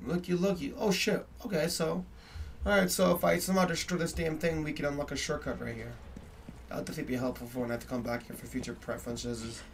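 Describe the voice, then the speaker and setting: A young man giving profane commentary over a game, swearing constantly and yelling when startled. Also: fairly high pitch, fairly even intonation, fast talker. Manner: swears constantly, yells when startled, rambling asides to viewers. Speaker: gameplay streamer. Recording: distant mic with clear background noise.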